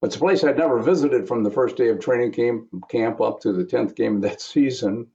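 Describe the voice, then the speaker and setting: A man's voice: medium pitch, a little fast, creaky, dark tone, dull audio. A man in his seventies giving a remembrance speech as a guest speaker, telling a personal story with wry asides. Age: 70s.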